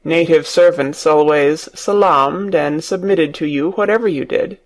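A man reading an audiobook story aloud for English learners, in a slow, clear narrating manner. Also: a little high.

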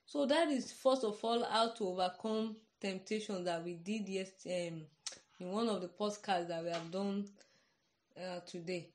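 A woman's voice: mid-range voice, unhurried, slight background noise. A Nigerian-accented woman preaching in an informal podcast sermon, earnest and conversational, often checking "you understand?".

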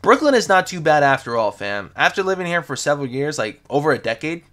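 He's a young guy running a sneaker livestream at home in the city, speaking quickly in a high-leaning, fairly bright voice with big swings in pitch. Laid-back and full of slang, he reads viewers' comments aloud and keeps repeating himself.

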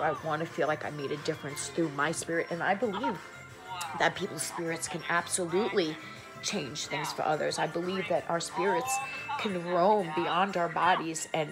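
A woman with a New York accent, talking earnestly and rambling, full of fillers, in a casual spiritual vlog. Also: sits low. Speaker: vlogger.

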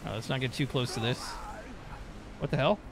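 A man's voice: mid-range voice, fairly quick, creaky, background noise. A man streaming gameplay, talking loosely and profanely with jokes. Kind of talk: casual live gameplay commentary.

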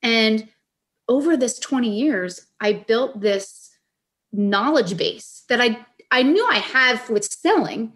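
A woman's voice: on the high side, animated, slow pace, a bit bright. A woman in her forties, a guest on a podcast, telling her story in an earnest, heartfelt, conversational way. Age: 40s. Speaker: guest, caregiver advocate and author.

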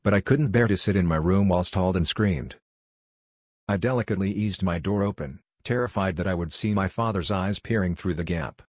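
A man narrating a scary story in a measured, grave storytelling delivery. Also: deep voice, dry recording, clean studio sound. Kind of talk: scripted horror story narration.

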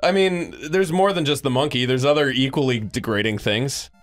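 Deadpan man with dry jokes. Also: mid-range voice, normal speed, soft background music. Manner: deadpan, dry joking asides. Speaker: co-host. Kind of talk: casual let's-play banter.

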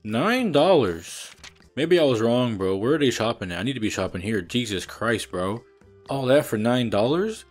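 A young man commentating a horror game he is playing, loud and exasperated, with lots of slang and cursing. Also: mid-range voice, lively intonation, normal speed, soft background music. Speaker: gaming streamer. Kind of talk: let's play commentary.

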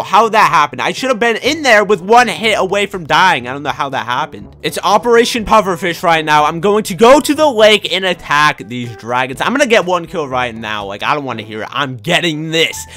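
A young man with a high, bright, sharp voice commentates his gameplay live, swinging wildly in pitch as he gets fired up and yells at other players. Faint game music plays underneath. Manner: excitable, quick to rage and yell at other players. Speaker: gaming YouTuber.

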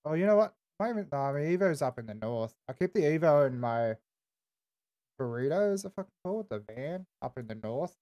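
A man's voice: fairly high pitch, expressive, a little fast, dull audio. An Australian man streaming casual in-character game roleplay, laid-back and swearing constantly, tagging "eh" onto his lines.

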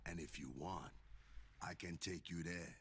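A man's voice: deep voice, fairly even intonation, unhurried, fairly bright tone. An actor playing a wary male jungle guide, grave and secretive.

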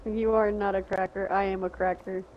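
A woman's voice: mid-range voice, little pitch movement, a little fast, dull audio, slight background noise. A woman gaming on a call with her boyfriend, giggly, playfully pleading and fake-scared. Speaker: co-player, girlfriend. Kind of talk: casual gaming chat on a call.

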